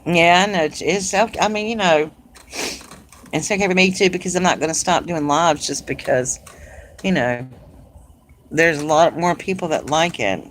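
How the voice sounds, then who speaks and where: A middle-aged woman from South Carolina with a Southern accent, chatting casually and warmly with viewers on a live craft stream, laughing often. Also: low voice, moderate pace, long pauses, a little hiss or hum, poor audio. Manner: chatty and homey, laughs often, says "y'all". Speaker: craft channel host.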